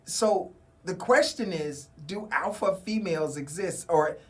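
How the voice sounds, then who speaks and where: A man's voice: high voice, unhurried, fairly bright tone. A man hosting a casual radio talk show, telling a story and acting out the dialogue. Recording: community radio studio.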